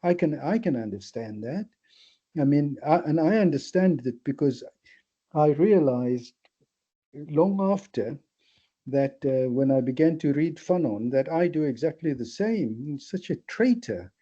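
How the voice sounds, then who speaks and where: An older man from South Africa, a therapist, talking things through in a thoughtful, animated way with many restarts. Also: fairly high pitch, unhurried, husky. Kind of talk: reflective discussion. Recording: slightly dull lo-fi audio.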